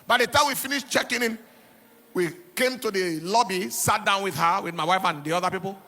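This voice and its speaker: A man's voice: high voice, a little fast, bright, forceful tone. A middle-aged man preaching a sermon, telling personal stories with emphatic repetition and laughter. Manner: emphatic, repeats words and phrases. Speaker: pastor.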